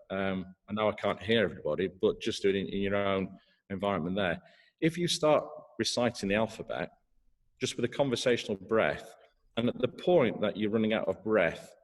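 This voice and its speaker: A man's voice: fairly low pitch, in a large hall. A middle-aged man teaching trombone in an online masterclass, hesitant, with many fillers and restarts.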